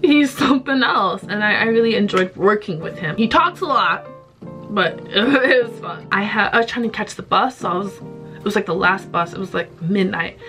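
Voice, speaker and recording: A woman vlogger casually telling a story to the camera, chatty and animated, laughing often. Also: mid-range voice, moderate pace, soft background music. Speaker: YouTuber vlogger.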